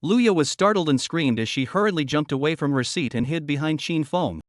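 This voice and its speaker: A male narrator reads a story recap in a steady, matter-of-fact way. His voice sits a bit high and comes across close and dry, with no room sound. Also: fairly quick, no room sound.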